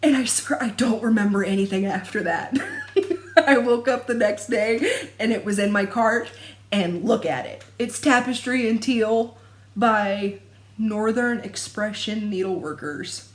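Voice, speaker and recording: A woman's voice: medium pitch, a little slow. A young adult woman chatting casually to camera about her stitching, rambling and laughing often. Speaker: cross-stitch vlogger. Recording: echoey room.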